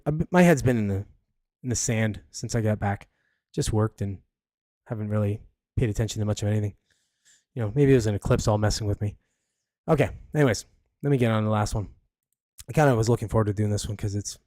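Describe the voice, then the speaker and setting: Rambling podcast host. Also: male voice, lowish voice, a little mellow, dry recording, clean studio sound. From Canada. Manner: rambling, blunt, many fillers. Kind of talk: casual solo commentary.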